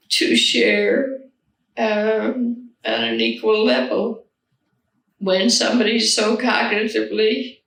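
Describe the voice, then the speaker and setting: A woman caring for her spouse speaks slowly and reflectively, her voice gravelly and bright. She is recorded from a distance in a roomy, echoing space. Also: fairly high pitch. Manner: slow, reflective, measured. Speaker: caregiver of a spouse. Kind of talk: interview testimony. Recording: roomy sound, distant mic.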